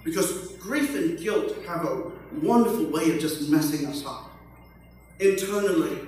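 An older man preaching a sermon, slow and emphatic, with joking asides. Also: fairly high pitch, a little hiss or hum. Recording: echoey hall from far off.

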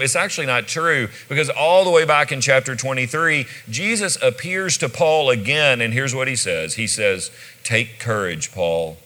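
A man preaching a sermon as pastor, telling the story with animated delivery and acting out the quoted lines. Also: mid-range voice. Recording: long hall reverb.

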